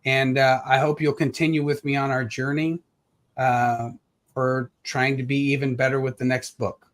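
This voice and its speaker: A man speaks with an earnest, reflective warmth, pausing and searching for words. His voice sits at a middle pitch. It is heard over a video call. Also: little pitch movement. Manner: earnest and reflective, with pauses and fillers. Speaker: author. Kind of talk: heartfelt speech at a live launch event.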